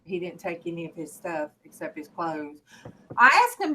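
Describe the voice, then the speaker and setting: A woman chatting casually with friends on a video call, animated and quick to laugh. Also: on the low side, slight background noise. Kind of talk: casual group video chat.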